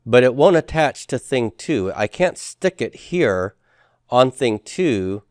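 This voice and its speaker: A man's voice: medium pitch, sing-song, takes it slowly, darkish tone, no echo, clean studio sound. A man teaching a class in a lecture style, explaining step by step and often checking with the students. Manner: explanatory, asks checking questions, frequent fillers.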